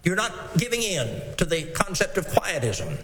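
A man preaching a sermon, reading scripture slowly and stressing single words. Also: high voice, sing-song, noisy background. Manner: measured, emphatic scripture reading. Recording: long hall reverb.

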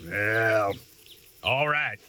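A man acting as a suspicious, stubborn backwoods dog handler who barks orders in rough rural grammar in a radio drama. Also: lowish voice, extremely slow, noisy background.

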